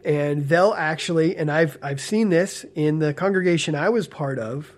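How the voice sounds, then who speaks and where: A man in casual spoken commentary, animated and earnest with a smile in his voice, often checking in with "okay?" and "right?". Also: on the high side, moderate pace. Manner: animated, frequent tag questions like "okay?" and "right?"; talks with a smile, amused and earnest. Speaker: ex-church member commentator.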